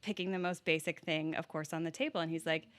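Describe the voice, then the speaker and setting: A woman from Virginia hosting a casual interview, chatty and animated, laughing easily as she tells stories. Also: low-pitched, quick pace. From Virginia, USA. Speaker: podcast host.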